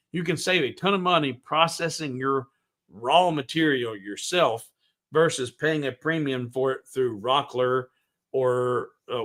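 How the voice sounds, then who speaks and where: A man with a mid-range, slightly bright voice hosts a woodworking livestream from his workshop, loose and folksy. He hums to himself while working and reads viewer comments aloud, answering them in casual live tutorial chat.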